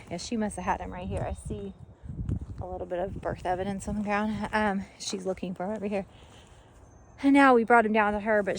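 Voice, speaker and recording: A woman's voice: mid-range voice, slight background noise. A woman chatting casually as she vlogs from her farm, rambling with lots of fillers, without a clip-on mic. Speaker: homesteader vlogger. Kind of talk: casual vlog chat. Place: farm outdoors. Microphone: camera mic, no lapel.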